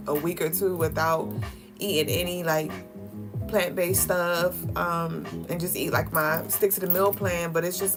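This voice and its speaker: A young woman co-hosting a spiritual livestream, talking candidly in slangy casual chat, swearing offhand, laughing often, and reading viewer comments aloud. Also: low-pitched. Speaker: livestream co-host. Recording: music playing clearly behind.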